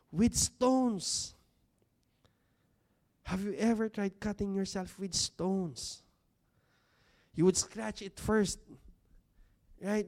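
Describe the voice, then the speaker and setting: Slow, high-voiced male preacher. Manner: conversational, asks the congregation rhetorical questions; stresses key words with slow, drawn-out delivery. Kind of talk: sermon. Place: church hall with congregation seated.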